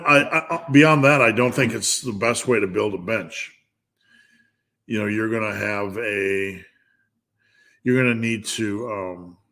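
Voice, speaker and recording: A middle-aged man with a somewhat low voice answers viewer questions on a live stream. His strength-coaching advice comes out blunt and joking, often with false starts and repeated words. The talk stays casual and off the cuff. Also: a bit bright.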